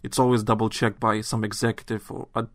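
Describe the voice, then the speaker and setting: A man chatting on a gaming podcast, recorded close and dry. He talks in animated bursts and rants, stumbling into restarts as he goes. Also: lowish voice, fast talker, dry recording. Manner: animated, ranting, trails off into restarts. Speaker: podcast host. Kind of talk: casual chat.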